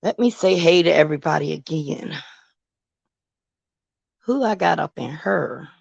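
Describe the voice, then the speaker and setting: Slow, sassy woman chatting live. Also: low voice, expressive, creaky, darkish tone, husky, no echo. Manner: sassy, drawn-out, talks back to the chat. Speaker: host. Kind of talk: casual live-stream chat.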